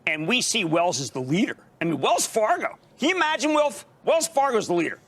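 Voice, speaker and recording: Bright, emphatic TV finance man. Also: sits high, a little fast. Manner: emphatic, excitable, talks in bursts. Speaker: TV financial commentator. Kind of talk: broadcast market interview.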